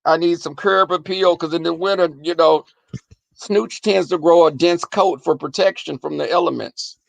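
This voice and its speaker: A young adult man chatting casually and profanely to viewers in a livestream, telling animated stories. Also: a little high, creaky, no room sound. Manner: profane, animated storytelling, talks to viewers as y'all. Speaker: livestream host.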